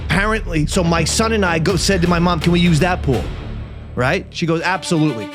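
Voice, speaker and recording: A man in his forties hosting a podcast, telling stories in an animated way, acting out other people and bursting into shouted rants. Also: sits high, fairly quick, over music. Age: 40s. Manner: animated storyteller who acts out voices and bursts into shouted rants. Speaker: podcast host. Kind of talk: casual comedic podcast chat.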